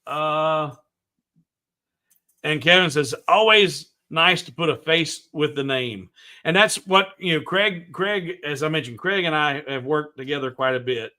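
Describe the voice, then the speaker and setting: Southern US man hosting a livestream, fairly high and forceful voice, chatty, rambling, keeps restarting his sentences. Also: a little slow. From American South. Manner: rambling, friendly, many restarts. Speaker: livestream host. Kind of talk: casual livestream chat.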